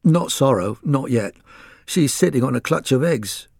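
A down-on-his-luck farmer in a children's storybook, speaking wearily and with resignation, as a male narrator plays him. The voice is a little husky, and the recording is close and dry. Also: medium pitch, expressive, a little slow, darkish tone, dry recording. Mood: glum. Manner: weary, resigned. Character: poor, gloomy middle-aged farmer.

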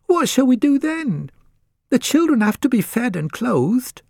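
A distraught farmer's wife in a children's storybook, her voice pitched high and pleading, as a male narrator puts her on. She sounds anxious and sweeps up and down, and the recording is close and dry. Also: sing-song, a little slow, vocal fry, a little mellow, dry recording, heavily acted. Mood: distressed.

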